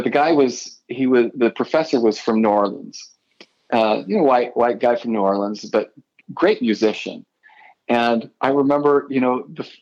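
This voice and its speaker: A man's voice: medium pitch, a little mellow, highs cut off. A middle-aged man from Idaho, a guitarist guest, telling rambling stories in a casual interview and often correcting himself.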